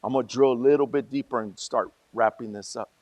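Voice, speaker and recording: A male pastor preaching a sermon in a conversational way, moving from soft asides to loud, emphatic peaks. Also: mid-range voice, a little fast, no echo.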